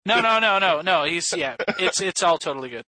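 Bright-voiced excitable man. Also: high-pitched, fairly quick, no echo, low-quality recording. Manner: excitable storyteller, swears freely. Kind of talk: casual chat.

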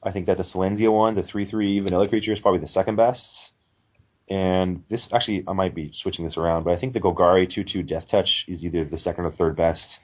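Deep-voiced man, rambling game talk. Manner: rambling, hedging with likes and I means. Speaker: podcast co-host. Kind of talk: casual chat. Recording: dull lo-fi sound.

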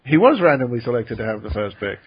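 Husky man hosting a podcast. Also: medium pitch, big pitch swings, fast talker. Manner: easygoing, steers the segment. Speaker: podcast host. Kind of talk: casual chat. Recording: dull muffled call audio.

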